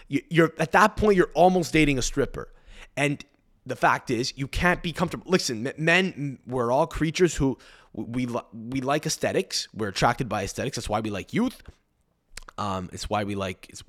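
Man, podcast host, solo rant, swears a lot, rambling, mid-pitched voice. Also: lively intonation, moderate pace. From Montreal, Canada. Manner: profane, rambling, opinionated.

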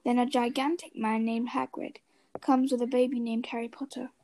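A woman's voice: on the high side, flat delivery, normal speed, warm tone. A woman co-hosting a podcast, recapping a story in a chatty way. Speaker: podcast co-host.

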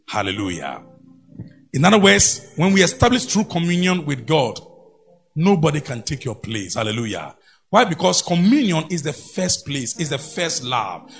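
Male preacher, high lively voice with gravel, big swings from shouts to murmurs, church sermon. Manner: animated, shifts from loud exclamations to low murmurs.

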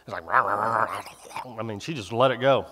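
A man's voice: on the low side, fast talker, bright, forceful tone, slightly rough, long reverb tail, pitched below the performer's own voice. A man doing a sneaky whispering tempter. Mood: wheedling. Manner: chummy, gossipy, wheedling. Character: sly whispering tempter spirit, smooth and sneaky.

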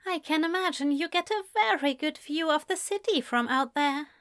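Casting: woman voicing a prim office man, flustered, voice jumping high, dry. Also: normal speed, fairly bright tone, no echo.

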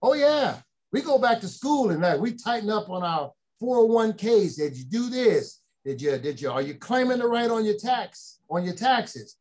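A middle-aged man with a notably high voice tells stories about his father and daughters. He quotes family members in a folksy way, then builds up to emphatic, preacherly points for the audience. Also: sing-song, moderate pace, hardly any pauses, darkish tone. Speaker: speaker. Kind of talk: motivational storytelling talk.

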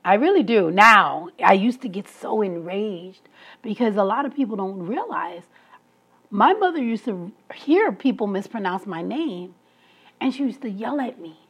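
Husky woman telling a personal story. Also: mid-range voice, expressive, measured pace, a bit bright. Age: adult, past school age. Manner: emphatic, storytelling, laughs between points. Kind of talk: personal monologue.

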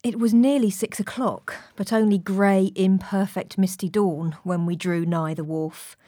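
A woman narrating a classic novel for an audiobook in a measured, literary way, recorded in a studio. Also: mid-range voice, fairly even intonation, dark tone, dry recording. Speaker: audiobook reader. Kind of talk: scripted narration. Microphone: studio mic.

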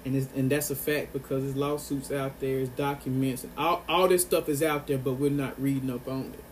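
A man's voice: medium pitch, fairly even intonation, brisk, slight background noise. A man delivering an earnest, impassioned monologue to his viewers, pressing his points and repeating phrases for emphasis. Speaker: vlogger.

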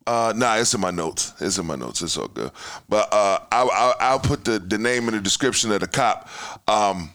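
A man hosting a podcast, talking heatedly in casual chat, swearing freely and swinging between loud outbursts and mutters. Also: lowish voice, animated, normal speed. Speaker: podcast host.

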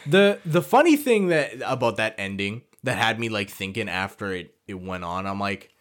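A man co-hosting a podcast, chatting casually about a film, animated, swearing freely and laughing often. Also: on the low side, normal speed. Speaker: podcast co-host. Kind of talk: casual film discussion chat.

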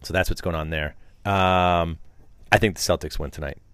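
A man's voice: deep voice, steady tone, moderate pace, a bit bright, clean tone, dry recording. A middle-aged man hosting a casual sports chat, rambling and teasing, often restarting his sentences. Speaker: podcast host.

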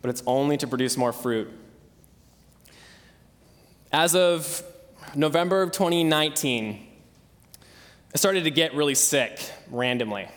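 A man's voice: on the high side, measured pace, long pauses, a bit bright, in a large hall. A young man in his twenties preaching a sermon, earnest and conversational, telling a personal story. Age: 20s. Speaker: pastor.

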